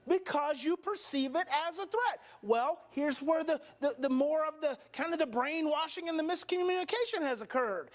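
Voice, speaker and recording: A man giving an animated workshop lecture to an audience. He acts out scenes and fires off rhetorical questions. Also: extremely high pitch, moderate pace, hardly any pauses. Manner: dramatic, acts out parents and brains, rhetorical questions. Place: workshop hall before an audience.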